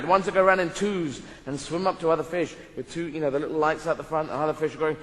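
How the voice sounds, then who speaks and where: A man's voice: a little high, steady tone, quick pace, hardly any pauses, a bit bright. A man doing live stand-up comedy in a large theatre with a playful, rambling delivery. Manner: rambling, playful, broken schoolboy French. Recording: echoey hall, audience noise.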